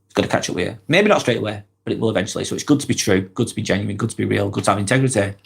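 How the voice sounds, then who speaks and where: A man with a Lancashire accent, hosting a casual live stream while he has a head cold, talking in a relaxed, earnest way and reading viewers' comments aloud. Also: fairly low pitch, racing, gravelly. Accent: Lancashire English. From Lancashire, England. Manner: relaxed, earnest, rambling with fillers and sighs.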